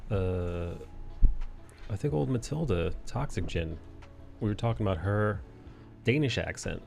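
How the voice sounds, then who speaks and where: Low-voiced guy hosting a stream, rambly, swears a lot, faint music behind. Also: unhurried, creaky, darkish tone. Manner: rambling, swears freely, laughs often. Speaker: livestream host. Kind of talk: casual chat while drawing.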